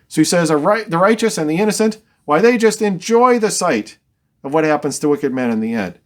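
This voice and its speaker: A man's voice: a little high, expressive, brisk. A man teaching a verse-by-verse Bible study, reading scripture and explaining it conversationally with dry, wry asides.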